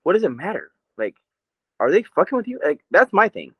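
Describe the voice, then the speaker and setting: A man's voice: high voice, sing-song, fairly quick, breathy edge, dry recording. Rambling, profane American man, lo-fi. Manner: profane, rambling, laughs often. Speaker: podcast co-host. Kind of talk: casual chat.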